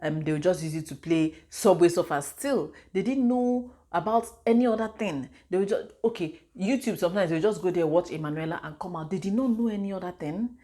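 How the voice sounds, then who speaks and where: A woman's voice: fairly low pitch, fairly quick, hardly any pauses. Chatty Nigerian mother vlogging. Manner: chatty, animated storytelling with pidgin and Igbo asides. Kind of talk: casual advice vlog.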